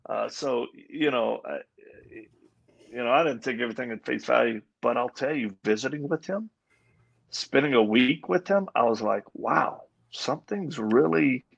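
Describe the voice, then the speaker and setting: Guy with a gravelly husky voice telling his faith story, kinda muffled lo-fi sound, acts out the quotes. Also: medium pitch, fairly bright tone. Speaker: interview guest. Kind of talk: personal testimony in conversation. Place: live event at a Christian coffee house.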